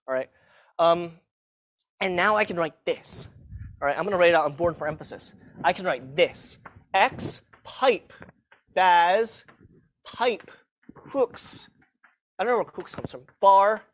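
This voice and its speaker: A man teaching a live university class in a casual, self-mocking way, often checking in with the students. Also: high-pitched. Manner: casual, self-mocking, tags sentences with "okay?". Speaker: university lecturer. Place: lecture hall.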